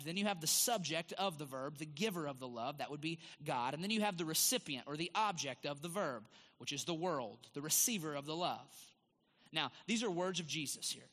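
Man, pastor, sermon, high voice, emphatic stress, church hall with long reverb. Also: bright, forceful tone. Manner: emphatic, drawn-out stress on key words. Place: church sanctuary.

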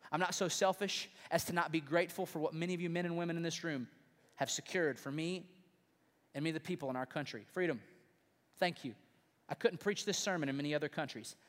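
A man's voice: a little high, expressive, a little fast. A man preaching a sermon as pastor, emphatic and conversational, with frequent rhetorical questions, in a large church auditorium. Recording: long reverb in a large hall.

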